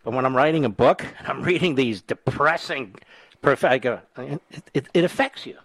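A man's voice: medium pitch, moderate pace, a bit bright, no echo. A man hosting a talk radio show, chatting with callers and telling stories in a teasing way. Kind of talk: talk radio chat and monologue. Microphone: studio mic.

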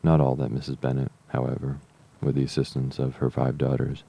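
A man narrates a classic novel in a steady, measured audiobook reading. His voice is extremely deep and gravelly, with a dark tone and a nearly flat melody.

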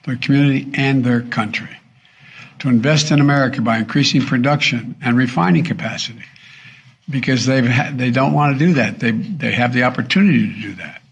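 Older guy giving a speech, raspy gravelly voice, keeps stumbling. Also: medium pitch. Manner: halting, stumbles and restarts. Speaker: politician in a played clip. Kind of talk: prepared speech.

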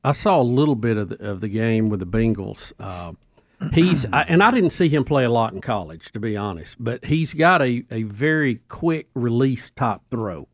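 A male radio co-host in casual chat, recapping what he saw with a relaxed, storytelling manner. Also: medium pitch, normal speed, no echo.

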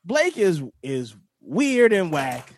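A man's voice: sits high, sing-song, takes it slowly. A man, a comedian guest, chatting casually in a playful, slangy way with stammering restarts. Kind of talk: casual recap chat.

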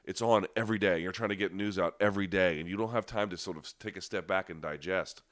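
A man with a deep voice and a stuffy nose chats casually with viewers on a live stream. He restarts sentences often and leans hard on his points. The sound is close and dry, with no room around it. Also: fast, fairly bright tone, no echo. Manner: conversational, frequent restarts and fillers, emphatic asides. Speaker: livestream host. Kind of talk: casual live chat answering viewer questions.

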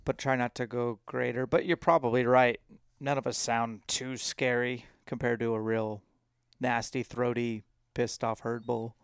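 A man's voice: medium pitch, little pitch movement, a little slow, smooth, no echo, clean studio sound. A man co-hosting a casual live chat about elk hunting, telling stories in an easygoing way.

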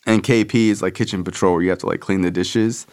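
A man's voice: low-pitched, steady tone, fast, darkish tone. A young adult man hosting a podcast, telling his own story in a loose, candid way, full of fillers and swearing. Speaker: podcast host. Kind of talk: casual personal storytelling.

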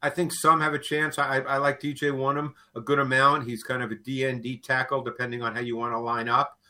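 A man's voice: medium pitch, little pitch movement, brisk, bright, forceful tone. A man who analyzes football in a casual talk, thoughtful, often repeating words as he starts a sentence.

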